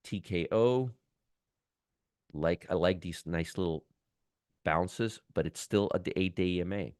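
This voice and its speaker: A man's voice: low voice, measured pace, a little mellow, clean tone, no echo, clean studio sound. A man hosting a stock trading show, talking casually and enthusiastically about charts, often repeating words and restarting phrases. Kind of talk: casual market commentary.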